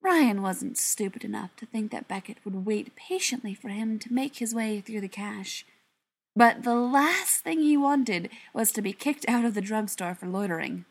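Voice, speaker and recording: A woman reading a story aloud as narrator, in an even, steady storytelling manner. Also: mid-range voice, slightly rough. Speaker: audiobook narrator. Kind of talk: scripted narration.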